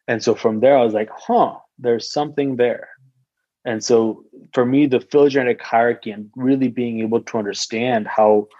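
Husky man telling a rambling story. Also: mid-range voice, darkish tone, dry recording, dull audio. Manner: rambling, heavy use of "like", swears freely. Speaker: guest telling a personal story. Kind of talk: casual podcast conversation.

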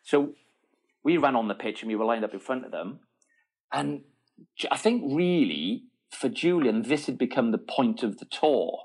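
A middle-aged man spins an animated story as a guest in a relaxed interview. He laughs often and keeps restarting his sentences as the story runs on. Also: medium pitch, normal speed. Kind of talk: casual storytelling.

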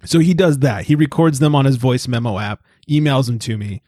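A man's voice: medium pitch, brisk, darkish tone, no room sound, studio quality. A man from the United States co-hosting a podcast in casual, crude, joking chat, swearing freely. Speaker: podcast co-host.

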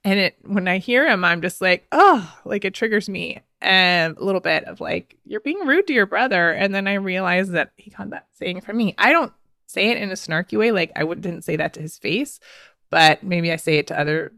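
A woman's voice: on the low side, moderate pace, vocal fry, sharp tone, dry recording, clean studio sound. A woman in her thirties, a podcast host, telling a personal story in a casual, chatty way with frequent laughs and fillers. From United States.

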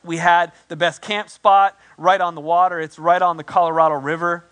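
A pastor in his forties tells a story from the pulpit, lively and self-deprecating, slipping into the voices of the people he quotes. His voice sits high for a man and sounds bright and clear. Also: moderate pace. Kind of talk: storytelling sermon.

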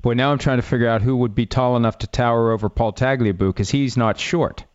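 A man of middle pitch hosts an interview, asking questions in a conversational, wry way. His voice comes through a slightly dull, lo-fi sound. The recording is dry and close. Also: fairly even intonation, fast, dry recording. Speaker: sports radio host.

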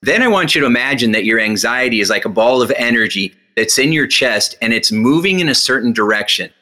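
A man guest, a hypnotist and speaker, telling lively stories and acting out what people said to him. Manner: energetic, acts out quoted dialogue with big pitch jumps; slow, guided instruction when teaching the breathing exercise. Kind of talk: animated storytelling in an interview.

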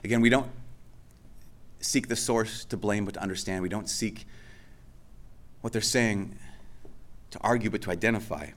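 A man's voice: on the low side, moderate pace, long pauses. A male pastor preaching a sermon in a conversational way, often restarting and repeating phrases for emphasis.

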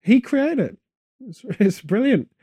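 A man co-hosting a comedy podcast, rambling through absurd deadpan tangents in casual chat. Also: extremely high pitch, a little slow, husky, dry recording, studio quality. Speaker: podcast co-host.

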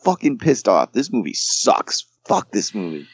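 A man's voice: on the low side, wildly swooping pitch, measured pace, husky, dry recording. A man hosting a casual movie-review podcast who jokes around and rants with plenty of swearing. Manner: profane, joking rants. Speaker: podcast host.

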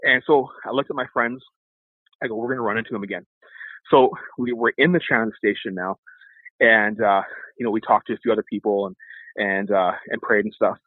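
Husky man on a tinny line. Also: lowish voice, fairly quick, no room sound. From Canada. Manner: animated storyteller, acts out voices. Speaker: guest evangelist. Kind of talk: telling a testimony story.

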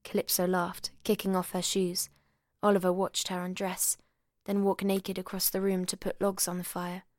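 A woman reading a novel aloud in a measured, soft, even narration. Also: on the low side, no echo, clean studio sound. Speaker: audiobook reader.

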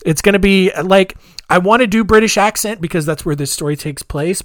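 A man in his thirties hosting a podcast, rambling in a chatty way with dark sarcastic humor. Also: a little high, dry recording, clean studio sound. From United States. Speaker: podcast host. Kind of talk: casual podcast monologue.

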